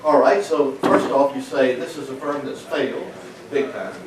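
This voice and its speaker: A man's voice: mid-range voice, steady tone, normal speed. An older man giving an economics lecture to a live audience, folksy and anecdotal, with frequent fillers and questions put to the room. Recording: echoey lecture room from a distant mic, noisy.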